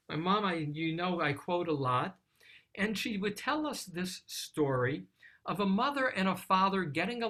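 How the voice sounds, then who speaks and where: Slow, lilting Psalm teacher. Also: mid-range voice, fairly bright tone. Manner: recites Hebrew verses, then translates them; thoughtful, explaining. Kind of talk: Psalm study talk.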